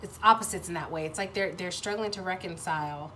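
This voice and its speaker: A woman giving a pick-a-card tarot reading to viewers, thinking aloud in a halting way, restarting sentences as she searches for words and swearing freely. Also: on the low side, pushed and bright, a little hiss or hum. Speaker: tarot reader.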